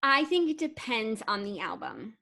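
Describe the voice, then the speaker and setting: A woman's voice: fairly high pitch, very animated, normal speed, creaky, pushed and bright. A young woman co-hosting a podcast, chatting in a rambling way with many restarts. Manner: rambling, self-interrupting, reads stories aloud. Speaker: podcast co-host. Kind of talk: casual chat.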